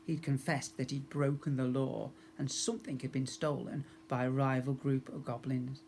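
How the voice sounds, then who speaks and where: A man, a school teacher, reading a children's storybook aloud to young pupils in a friendly, expressive way, acting out sound effects. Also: mid-range voice, normal speed, a little hiss or hum.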